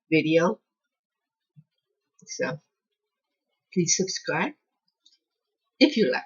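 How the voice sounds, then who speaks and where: A woman's voice: sits low, slightly rough, lo-fi sound. A woman hosting her own home cooking channel, chatting in a rambling, self-deprecating way as she walks through a recipe. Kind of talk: casual cooking vlog chat.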